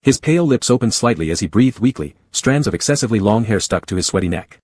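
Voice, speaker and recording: Male narrator for a story read-through, low, husky, dry close sound. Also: animated, quick pace, darkish tone, no room sound.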